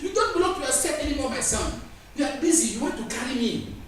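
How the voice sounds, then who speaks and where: A man's voice: extremely high pitch, lively intonation, fast, slight background noise. A man preaching a sermon with emphatic, repeated phrases. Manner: emphatic, repeats phrases, voices God and the Spirit in quotes. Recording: echoey room from far off with faint ambience.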